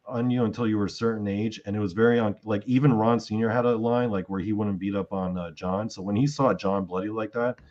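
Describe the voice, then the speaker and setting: Guy on a podcast going over a story, lowish voice, kinda dull lo-fi sound, lots of likes and ums. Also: fairly even intonation, a little fast, hardly any pauses, a little mellow. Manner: rambling retelling with many fillers and acted quotes. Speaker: podcast host. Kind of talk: casual storytelling chat.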